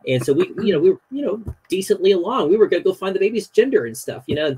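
Podcast guest, male, husky, fairly high-pitched, lively chatty storyteller. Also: fast talker, poor audio. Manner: animated retelling, many fillers like "you know". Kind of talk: casual storytelling chat.

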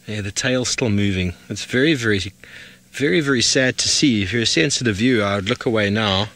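A man guiding a live safari broadcast outdoors, talking viewers through a wildlife sighting in lively commentary. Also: on the low side, a little fast. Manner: animated, speaking to viewers directly. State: out of breath. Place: outdoors in the bush, on a game drive.

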